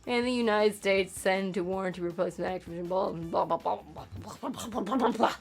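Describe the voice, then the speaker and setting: A woman's voice: medium pitch, a little fast, hardly any pauses, soft background music. A woman host reading a game manual aloud for comedy, breaking in with sarcastic, profane asides. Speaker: channel host.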